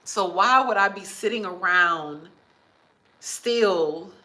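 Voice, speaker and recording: A woman's voice: medium pitch, slow, sharp tone, low-quality recording. A woman in her fifties talking heartfelt and emotional in a casual livestream, reading viewer comments aloud. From Texas. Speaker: vlogger.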